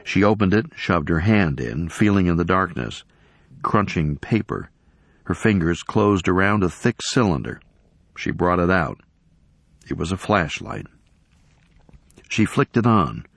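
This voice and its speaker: A man reading a story aloud in measured scripted narration. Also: low-pitched, lively intonation, creaky, no room sound. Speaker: audiobook narrator.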